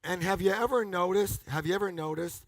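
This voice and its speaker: A man giving a motivational seminar talk to a live audience, energetic and emphatic, often calling on the crowd to answer or repeat after him and bursting into loud, punchy exclamations. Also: high-pitched, a little fast, dry recording. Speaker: seminar speaker.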